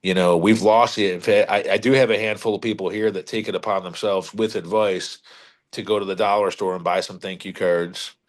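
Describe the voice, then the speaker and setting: A man's voice: low voice, fairly even intonation, a little fast. A middle-aged man, a car dealership leader, talking casually as a podcast guest in a blunt, emphatic way, repeating words and restarting sentences as he goes. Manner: salty, blunt sales talk. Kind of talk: casual interview talk.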